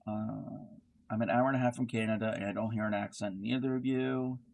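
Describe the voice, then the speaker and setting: Middle-aged man, fairly low voice, chatty livestream host who rambles between stitches. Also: steady tone, fairly quick, gravelly, a little mellow. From Baltimore area, Maryland. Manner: rambling, answers chat while crocheting. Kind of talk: casual live-stream chat.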